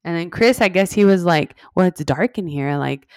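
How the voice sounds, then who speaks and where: A woman's voice: on the low side, normal speed, smooth, dry recording, clean studio sound. A young woman telling a personal story in a casual chat. She fills her talk with "like" and acts out the lines she quotes. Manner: animated, heavy use of "like", acts out quoted lines. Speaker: podcast guest.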